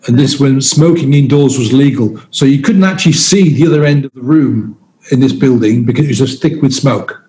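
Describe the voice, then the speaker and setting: A man's voice: mid-range voice, darkish tone. A man in his sixties, a guest telling a personal story in candid, self-deprecating conversation, often restarting his sentences.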